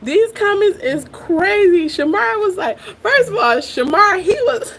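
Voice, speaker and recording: High, lively woman laughing through commentary. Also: a little slow, few pauses, slight background noise. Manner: laughs often, talks straight to viewers with slangy cursing. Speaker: reaction video host. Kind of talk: casual commentary on a viral clip.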